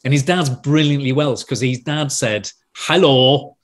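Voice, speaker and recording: A man, a podcast guest telling animated anecdotes in casual chat and mimicking the voices of people he met. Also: mid-range voice, moderate pace. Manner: animated storyteller who often acts out voices of others.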